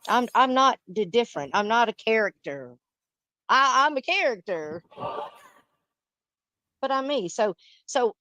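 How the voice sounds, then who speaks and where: A woman's voice: a little high, very animated, a little slow, long pauses, sharp tone, no echo, poor audio. A middle-aged woman, hosting a live stream in blunt, profane, emphatic casual chat.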